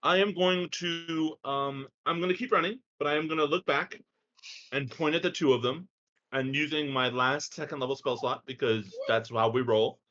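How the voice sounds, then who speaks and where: A man's voice: on the high side, normal speed, pushed and bright. A man playing in an online tabletop game, playfully announcing his character's spells. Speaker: player. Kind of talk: casual tabletop game play. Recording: lo-fi online call audio.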